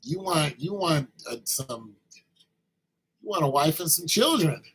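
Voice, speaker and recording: A man's voice: a little high, expressive, unhurried, fairly bright tone, husky, rough recording. A man vlogging a rambling, teasing comic monologue that turns to preachy advice.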